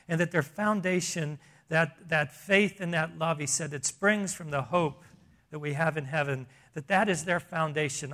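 A man's voice: a little high, fairly bright tone. A man preaching a sermon in a church, earnest and conversational, often restarting his sentences. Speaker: pastor.

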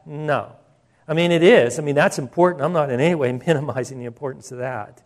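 Emphatic male preacher, slightly high voice. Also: brisk. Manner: emphatic, conversational, with asides and restarts. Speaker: pastor. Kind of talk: sermon.

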